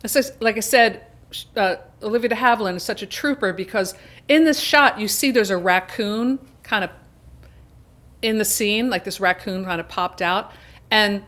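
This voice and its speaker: A woman's voice: mid-range voice, fairly bright tone. Chatty woman host recapping a film. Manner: chatty, retells plot with quick asides. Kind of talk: casual film discussion.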